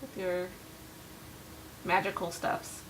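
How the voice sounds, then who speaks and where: A woman's voice: fairly low pitch, little pitch movement, takes it slowly, slight background noise, rough recording. A woman playing in a tabletop game, chatting in a casual, easygoing way. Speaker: player. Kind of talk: casual tabletop role-play.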